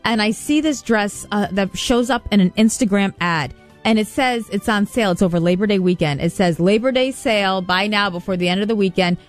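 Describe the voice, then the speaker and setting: A woman co-hosting a radio show, telling a story in an animated, self-mocking way. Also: medium pitch, a little fast, faint music behind. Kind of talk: casual radio banter.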